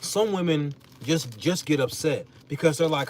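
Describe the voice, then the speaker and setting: Animated young man ranting on a podcast. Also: a little high, normal speed, a little hiss or hum. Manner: animated, emphatic, slangy, mocking quoted voices. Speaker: content creator on a podcast. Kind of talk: casual talk-show rant.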